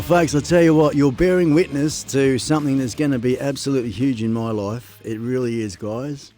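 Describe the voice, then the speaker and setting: A man hosting a casual live stream, excitable and laughing as he plays music and gives shout-outs to viewers from his home studio. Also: mid-range voice. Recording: music playing behind.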